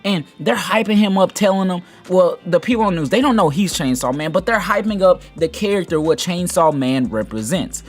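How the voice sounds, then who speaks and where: A man giving casual anime commentary, rambling and animated, with lots of fillers. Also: high-pitched, fairly quick, few pauses, faint music behind. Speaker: anime video host.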